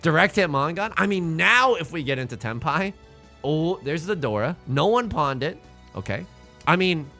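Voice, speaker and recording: A young man giving casual, rambling commentary as he plays a tile game, excitable and self-deprecating, often repeating his words. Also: on the high side, moderate pace, soft background music. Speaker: let's play host.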